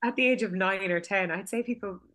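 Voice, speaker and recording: A Cork woman in her thirties, a filmmaker and acting school director with a Cork Irish accent, chats at home in a casual interview. She's talkative and laughs often, with frequent restarts and fillers, speaking fast in a medium-pitched, fairly bright voice.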